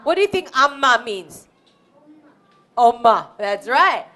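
A woman telling a Bible story to children, animated and often asking them questions. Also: a little high, slow pace.

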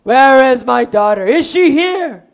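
Woman playing an angry father, yelling, loud, slow, high-pitched. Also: animated, creaky, heavily acted. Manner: shouting, furious. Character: angry father shouting at his daughter.

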